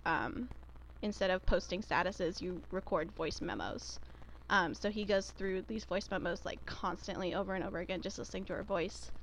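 A woman's voice: medium pitch, a bit bright, a little hiss or hum, poor audio. Enthusiastic woman chatting on a podcast. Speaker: podcast co-host. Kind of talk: casual recommendation chat.

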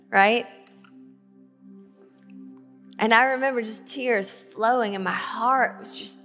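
Slow-spoken woman pastor preaching in a hall. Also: a little high. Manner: conversational storytelling, scripture reading with emphasis. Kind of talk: sermon. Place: church sanctuary. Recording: reverberant hall with soft band music. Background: soft band music.

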